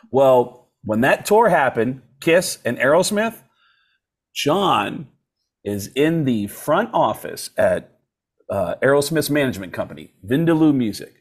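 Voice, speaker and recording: Animated man telling comic stories. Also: mid-range voice, unhurried, breathy edge. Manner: animated storyteller who slips into voices. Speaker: comedian guest. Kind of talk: casual podcast storytelling.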